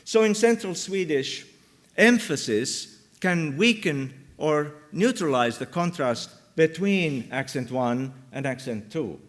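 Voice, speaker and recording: A man giving an academic linguistics talk at a workshop, speaking with many ums and pauses. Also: on the high side, lively intonation. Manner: slow, many ums and uhs, pauses mid-phrase. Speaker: linguistics lecturer. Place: lecture hall.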